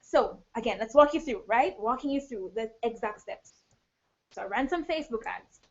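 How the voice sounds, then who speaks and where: A woman's voice: on the high side, moderate pace. Upbeat woman coach on lo-fi stream. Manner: energetic, addresses viewers directly. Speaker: business coach. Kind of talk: live online training.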